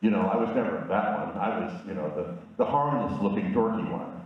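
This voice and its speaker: A man's voice: lowish voice, lively intonation, brisk. A man in his sixties giving a candid, self-deprecating personal talk with slides at a community event. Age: 60s. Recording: echoey, distant, dull room sound.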